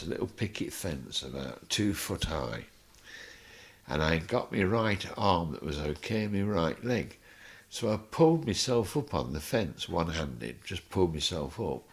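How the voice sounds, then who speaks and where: An older man, a guest telling an animated story and acting out the voices in it. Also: low-pitched. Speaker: interview guest. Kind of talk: anecdotal storytelling.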